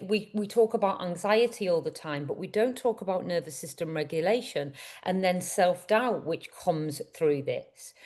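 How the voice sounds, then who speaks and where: A woman's voice: medium pitch, dark tone. A woman coach giving a motivational summit talk. She speaks earnestly and keeps turning to the audience with questions.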